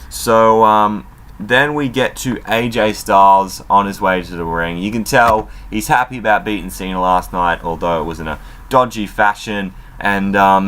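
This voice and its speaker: Deep-voiced man rambling through a casual review. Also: a bit bright. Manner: loose and rambling, many fillers, swears freely. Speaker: wrestling show reviewer.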